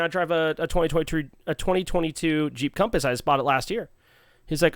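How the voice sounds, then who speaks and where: A man co-hosting a podcast, telling a story in a casual, animated, playful way and quoting other people in quick bursts. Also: a little high, dry recording, studio quality. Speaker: podcast co-host.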